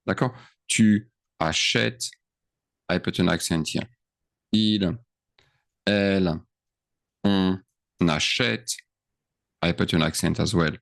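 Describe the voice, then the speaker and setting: This French teacher has a low, slightly bright, creaky voice and speaks slowly, leaving long pauses. He explains verb endings as he writes, stretching out his words and patiently checking in with his students often.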